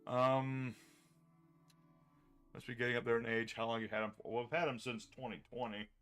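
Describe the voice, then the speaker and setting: A chatty man streams a card game live, talking through each play in a bright, forceful voice. He reads his chat and answers it as he goes. Faint music plays underneath. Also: medium pitch, steady tone, normal speed, smooth. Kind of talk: casual livestream commentary.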